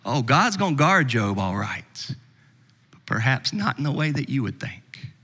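A man preaching a sermon as pastor, swinging between loud emphasis and hushed asides. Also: medium pitch, very animated, moderate pace, slightly rough, in a large hall.

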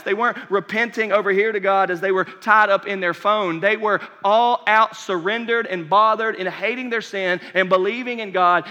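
A man preaching a sermon as pastor, passionate, swinging from near-shouts down to whispers. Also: high-pitched. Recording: reverberant hall.

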